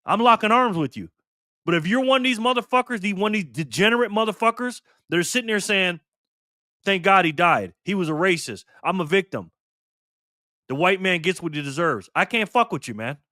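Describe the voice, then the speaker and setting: A man's voice: high voice, bright, forceful tone, dry recording, clean studio sound. A man in his fifties hosting his own vlog, talking straight to camera in a heated, profane, emphatic rant. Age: 50s. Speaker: channel host.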